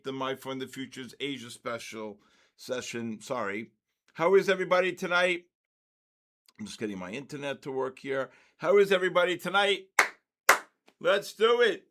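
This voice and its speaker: Older male stream host, a bit high-pitched, upbeat and chatty, calls out viewers by name. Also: lively intonation, fairly bright tone. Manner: upbeat, greets viewers by name in quick bursts. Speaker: host of a live trading session. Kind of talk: casual live-stream chat.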